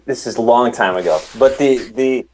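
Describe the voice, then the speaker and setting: A man in his thirties as an interview guest, telling stories in a rambling, animated way with many restarts. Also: medium pitch, moderate pace. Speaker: podcast host, interview guest. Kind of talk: casual interview.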